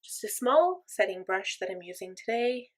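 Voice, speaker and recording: Young woman rambling cheerfully thru her makeup tutorial, jokes at herself, average pitch. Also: big pitch swings, moderate pace. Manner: chatty, upbeat, self-deprecating. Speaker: makeup vlogger. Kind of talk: casual makeup tutorial chat.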